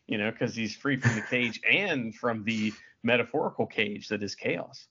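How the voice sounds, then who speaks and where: A man's voice: lowish voice, normal speed, pushed and bright, muffled recording, slight background noise. A man co-hosting a casual podcast chat, rambling and playful, often stopping to ask questions. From United States. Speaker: podcast co-host.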